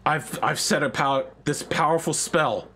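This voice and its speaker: A man's voice: on the high side, unhurried, bright, forceful tone, a little hiss or hum, voice pushed up. A man voicing a proud, powerful young female sorceress in a raised, haughty voice.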